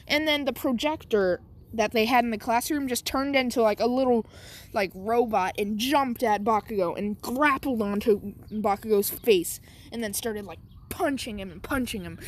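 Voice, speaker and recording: A woman's voice: fairly high pitch, normal speed. A woman casually telling a made-up fan story, rambling with many fillers. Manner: rambling, lots of "like" and "um".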